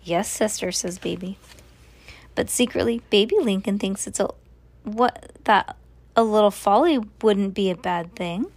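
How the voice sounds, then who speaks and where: A woman's voice: medium pitch, a little slow, a little mellow. A woman reading a children's chapter book aloud to a child, slipping into casual asides to explain what is happening.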